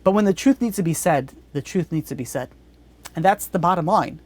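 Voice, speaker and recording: A man's voice: high voice, expressive, brisk, darkish tone. A man teaching a Torah class as a rabbi, blunt and earnest, often restarting his sentences.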